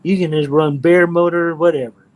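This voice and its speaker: A man's voice: on the high side, fairly even intonation, normal speed, rough recording. A middle-aged man from Texas, hosting a livestream and chatting casually in a blunt, profane, rambling way. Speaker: livestream host. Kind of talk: casual chat.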